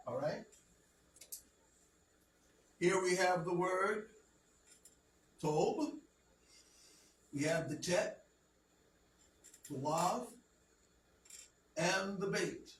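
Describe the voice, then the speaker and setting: A man's voice: sits high, a bit bright. A man teaching a class, talking patiently and checking understanding with frequent "okay?". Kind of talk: classroom language lesson. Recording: roomy, distant, faint background noise.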